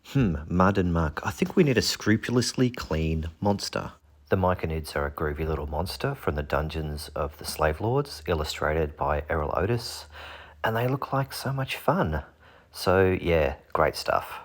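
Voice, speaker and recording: A man casually talking through fantasy monster art, joking and making puns along the way. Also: low voice. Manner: jokey, punning, self-deprecating. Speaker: channel host.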